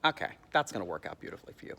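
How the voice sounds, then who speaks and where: A man giving a sarcastic comic recap of a stage musical's plot, jumping into high squeaky voices to mock the characters. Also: sing-song, very fast, vocal fry, pushed and bright, in a large hall. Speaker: comedic theatre commentator.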